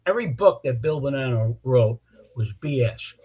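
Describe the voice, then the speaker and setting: A man's voice: medium pitch, lively intonation, normal speed, dark tone, breathy edge. An older man, a criminal defense lawyer, telling stories bluntly in an interview, often repeating words as he starts a sentence. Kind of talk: storytelling interview. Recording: dull lo-fi audio.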